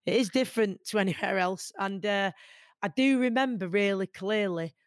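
A woman's voice: medium pitch, moderate pace, no room sound, studio quality. Earnest Mancunian woman in an interview. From Manchester, England. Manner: earnest and animated, many fillers. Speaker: guest, boxer. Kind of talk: conversational interview.

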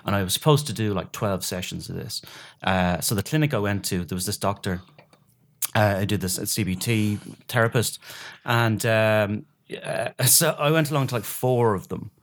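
A man's voice: on the low side, moderate pace. A middle-aged man from Ireland, a guest comedian telling stories in a rambling, self-deprecating way with many restarts. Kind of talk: casual chat.

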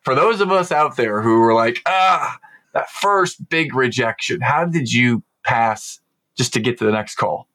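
A male podcast host with a voice of medium pitch. He asks his guest questions in an eager, earnest way. The tone stays casual and conversational. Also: expressive, a little slow, bright, forceful tone. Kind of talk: casual interview.

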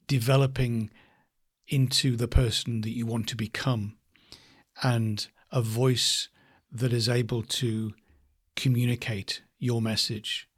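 A man with a husky, slightly breathy voice talks through a voice exercise. He speaks slowly and thoughtfully, stretching phrases and shifting the stress between words to show how the meaning changes. His pitch sits in an ordinary middle range. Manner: slow, thoughtful, varies stress for demonstration. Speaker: voice coach. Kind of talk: reflective spoken lesson.

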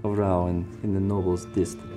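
A man's voice: low-pitched, little pitch movement, a little fast, music in the background, close to an everyday voice. A man voicing a welcoming female temple priestess who greets formally and sometimes restarts his phrasing.

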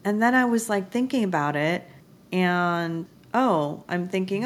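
A woman's voice: mid-range voice, unhurried. A woman hosting a podcast, chatting and asking her guest questions in a friendly, conversational way. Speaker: podcast host. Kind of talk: casual interview chat.

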